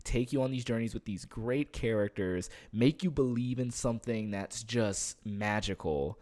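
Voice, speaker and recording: A man's voice: on the low side, moderate pace, darkish tone. A man chatting casually on a podcast, telling stories in a rambling way with many fillers and restarts, and swearing freely. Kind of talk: casual chat.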